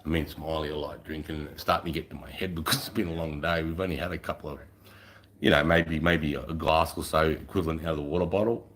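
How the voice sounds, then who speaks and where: A man with a very low voice tells a crude, boastful story full of swearing. His delivery is casual and swaggering, like a rowdy anecdote told among mates. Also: steady tone, fast talker, fairly bright tone.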